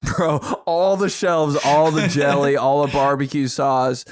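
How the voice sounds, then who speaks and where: A young man spins animated stories in casual podcast banter, often jumping up into raised bursts. His voice sits slightly high for a man. The recording is dry and close, with no room sound. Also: measured pace, dry recording. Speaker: podcast co-host. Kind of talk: casual comedic chat.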